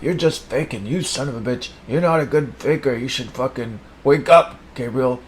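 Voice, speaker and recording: A man improvising an absurd, profanity-laced comedy monologue, rambling and swinging between mumbles and sudden shouts. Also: medium pitch, moderate pace, hardly any pauses.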